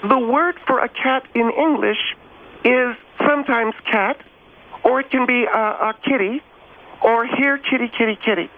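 A woman guest expert explaining pronunciation in a deadpan, pedantic manner. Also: fairly high pitch, measured pace. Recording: tinny phone line.

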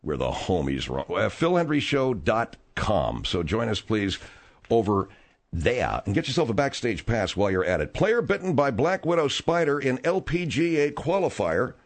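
A man's voice: medium pitch, normal speed. A man hosting a comedy talk radio show, reading news items and bantering with exasperated humor. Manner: animated, exasperated, jokey. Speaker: radio host.

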